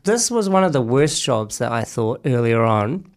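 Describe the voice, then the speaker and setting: A man hosting a casual chat, relaxed and musing as he steers the talk. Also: mid-range voice, moderate pace.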